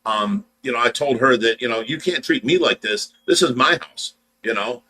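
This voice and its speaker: A man's voice: mid-range voice, normal speed, pushed and bright, poor audio. A man from Ohio casually telling a long story on a livestream, rambling and repeating words as he acts out the dialogue. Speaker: livestream host.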